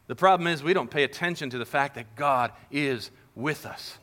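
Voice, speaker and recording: Bright-voiced, animated male preacher. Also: on the high side, moderate pace. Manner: animated, playful, acting out scenes. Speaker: pastor. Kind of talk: sermon to kids and families.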